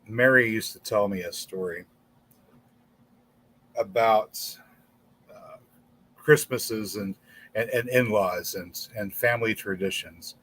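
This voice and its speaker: A man's voice: lowish voice, slow, long pauses, fairly bright tone. A man hosting a casual livestream in front of a green screen, rambling and stumbling over repeated words. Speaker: channel host.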